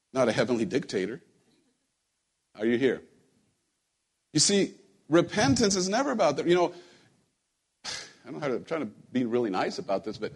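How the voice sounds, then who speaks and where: A man preaching a sermon to his church in a relaxed, conversational way, joking with the congregation and often repeating his words. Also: on the high side. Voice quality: husky. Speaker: pastor. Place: church sanctuary.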